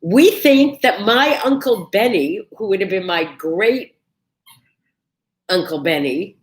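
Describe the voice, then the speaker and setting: A middle-aged woman chats straight to her viewers as host of her own show, in a voice of ordinary middle pitch for a woman. She sounds upbeat and informal, breaking off and restarting her sentences as she talks. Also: expressive, slow pace. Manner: chatty and upbeat, restarting phrases. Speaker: vlog host. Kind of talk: casual chat to camera.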